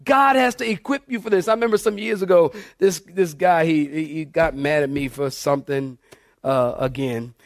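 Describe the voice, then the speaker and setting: A man preaching a sermon in church, telling lively stories and acting out the voices of people in them. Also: on the high side, moderate pace, no echo, clean studio sound. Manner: animated storyteller, acts out quoted voices. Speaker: pastor. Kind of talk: sermon storytelling.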